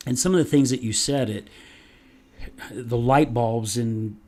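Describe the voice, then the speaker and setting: A man's voice: medium pitch, measured pace, dark tone. A man hosting a podcast, telling a story in a casual, emphatic way and swearing casually now and then. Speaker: podcast host.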